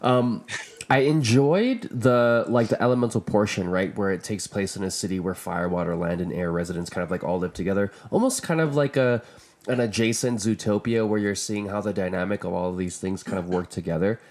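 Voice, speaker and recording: A man with a Hawaiian accent on a podcast, giving thoughtful opinions while searching for words with many pauses. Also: on the low side, a little mellow. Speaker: podcast co-host. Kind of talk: casual chat.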